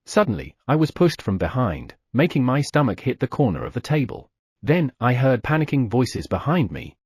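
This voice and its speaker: A man narrating a fantasy audiobook in first person, giving the other characters small shifts of pitch. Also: big pitch swings, normal speed, a little mellow, slightly rough, no echo, studio quality.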